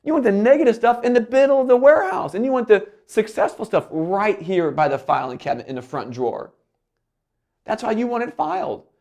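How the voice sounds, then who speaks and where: Man on a keynote stage, lifted voice, animated delivery that slips into quoted self-talk. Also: sits high, fairly quick, creaky. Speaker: keynote speaker.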